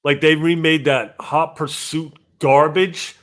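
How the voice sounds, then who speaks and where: A man chatting casually on a podcast and telling animated stories, with a father's everyday voice. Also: on the high side, slow pace. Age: adult with a child. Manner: animated storytelling, acts out strangers' lines. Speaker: co-host reading super chats.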